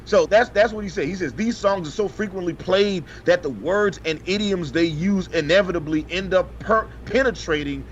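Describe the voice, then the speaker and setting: A man's voice: sits high, moderate pace, hardly any pauses. A man co-hosting a casual podcast, reading a news story aloud with profane, joking asides. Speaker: podcast co-host. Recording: slightly dull, faintly noisy podcast audio.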